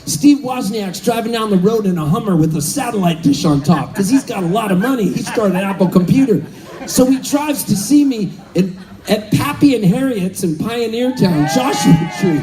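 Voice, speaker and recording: A man in his fifties from Southern California, telling a story on stage between songs, animated and laughing, calling out to the crowd. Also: sits high, normal speed, poor audio. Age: 50s. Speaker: musician. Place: live concert stage.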